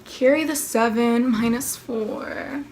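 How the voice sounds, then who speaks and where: A woman's voice: fairly high pitch, takes it slowly, darkish tone. A young woman in her late teens telling a casual storytime vlog, sarcastic and profane, full of "like" and mocking impressions. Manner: profane, sarcastic, constant filler "like"; breaks into exaggerated impressions of others. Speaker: vlogger.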